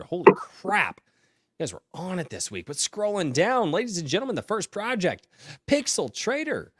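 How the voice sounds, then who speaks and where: An American man hosting a casual live-stream podcast, joking and excitable, swinging from loud outbursts to mumbled asides. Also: mid-range voice, no room sound. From United States. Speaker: podcast host.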